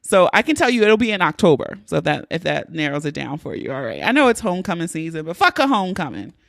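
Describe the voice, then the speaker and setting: A fast-talking woman with a deep, sing-song voice and vocal fry hosts her own podcast. Close to the mic with no room sound, she gives a casual monologue that is playful, chatty and freely profane.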